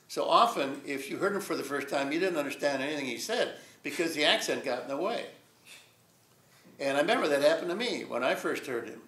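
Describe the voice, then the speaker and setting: A man's voice: a little high, fairly bright tone. An older man giving a rambling, reflective storytelling lecture at a college, chuckling often. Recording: echoey lecture room.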